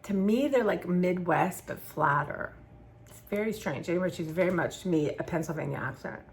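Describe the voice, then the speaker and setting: Over slight background noise, a woman from southern Maryland, USA, with a fairly low voice talks at a normal speed as she paints. The YouTuber chats casually to her viewers, rambling and often trailing off mid-sentence.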